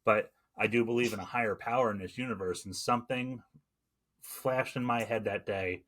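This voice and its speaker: A man's voice: lowish voice, steady tone, moderate pace, fairly bright tone. A man in his forties hosting a casual podcast conversation, talking in a rambling way with many fillers and restarts. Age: 40s. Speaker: podcast host and former EMT.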